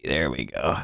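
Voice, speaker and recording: A man's voice: low voice, vocal fry, no echo. A man hosting a casual reaction stream, blunt and profane, thinking aloud as he looks things up. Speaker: stream host reacting to a clip.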